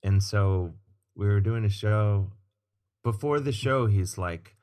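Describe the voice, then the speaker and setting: A man with a fairly low voice spins a casual story as a podcast guest. He is animated and swears freely. He acts out the people he quotes. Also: slow pace. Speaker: guest comedian and musician.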